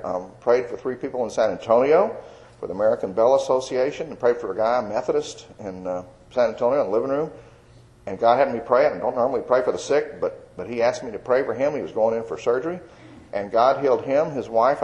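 Folksy man with a mellow voice. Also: medium pitch, muffled recording. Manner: folksy, conversational, earnest. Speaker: evangelist. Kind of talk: personal testimony sermon.

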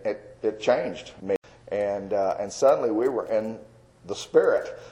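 A man's voice: mid-range voice, warm tone, rough recording. A man, an evangelist telling his personal testimony in a folksy, chuckling way.

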